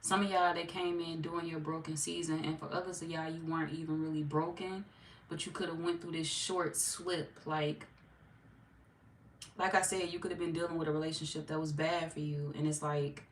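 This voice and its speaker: A woman with a low, deep-set voice gives a casual tarot reading, playful and full of slang. She laughs often as she talks. She sits well back from the mic in an echoey room with a faint hum of ambience behind her. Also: little pitch movement, moderate pace. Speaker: tarot reader. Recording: roomy echo, distant mic.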